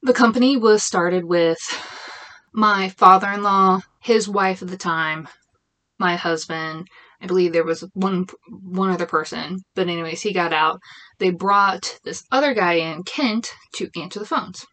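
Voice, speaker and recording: A woman's voice: on the low side, measured pace, sharp tone. Chatty, rambling woman venting. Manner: rambling, chatty, frequent restarts and "like"; exasperated venting. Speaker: small business owner. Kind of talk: casual chat.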